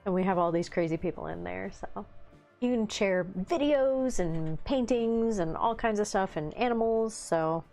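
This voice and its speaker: A woman's voice: medium pitch, moderate pace, dark tone, faint music behind. A woman hosting a casual livestream from a home hobby room, bubbly, giggly and effusive as she chats with viewers. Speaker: livestream host.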